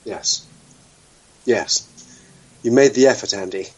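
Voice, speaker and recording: A man's voice: on the low side, slow, breathy edge, muffled recording. A man from the UK hosting an internet radio talk show, wry and blunt, throwing out sweeping opinions with the odd swear word. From United Kingdom.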